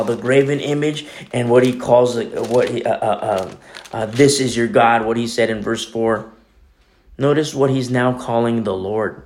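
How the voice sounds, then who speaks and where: A middle-aged man preaching a sermon in a conversational way, his voice swinging between loud emphasis and near-quiet asides. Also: mid-range voice. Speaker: pastor.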